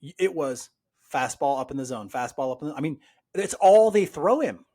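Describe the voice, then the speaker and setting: Excitable man ranting on a sports podcast. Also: fairly high pitch, normal speed. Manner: animated, exasperated, rambling with fillers. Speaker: podcast co-host. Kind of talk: casual sports chat.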